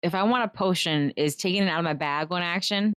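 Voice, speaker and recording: A woman's voice: fairly low pitch, fast, a bit bright, smooth, no room sound, studio quality. A woman playing an online tabletop game, unsure and asking rule questions. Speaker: player. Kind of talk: casual tabletop play.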